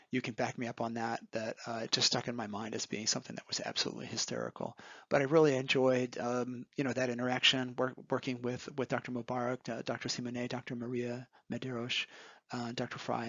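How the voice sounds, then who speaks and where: A man's voice: medium pitch, pushed and bright, no echo, lo-fi sound. A man recalling his graduate school years while talking over photographs, hesitant, with frequent ums and restarts. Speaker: former graduate student. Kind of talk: recorded reminiscence over photo slides.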